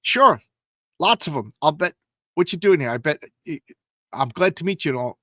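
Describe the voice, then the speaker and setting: A man's voice: on the high side, expressive, moderate pace, fairly bright tone, dry recording, clean studio sound. A man reading aloud as a starstruck male security guard who gushes over meeting a hero. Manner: gushing, exclaiming.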